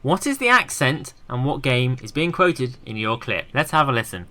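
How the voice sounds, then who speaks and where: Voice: medium pitch, very animated, normal speed, pushed and bright. A podcast host running a quiz game, playful and teasing with the guests. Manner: playful, teasing, laughing often.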